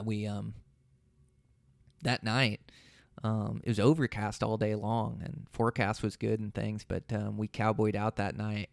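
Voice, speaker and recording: Gravelly low-voiced man telling a story. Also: dry recording, studio quality. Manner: rambling and relaxed, restarts often. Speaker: podcast host. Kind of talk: solo podcast storytelling.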